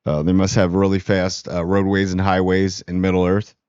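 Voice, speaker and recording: A man's voice: sits low, moderate pace, clear, resonant tone, no room sound. A man hosting a casual spoiler review, talking in slang and acting out the characters' lines. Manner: slangy and animated, acts out character quotes. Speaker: TV review host. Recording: dull lo-fi dry sound.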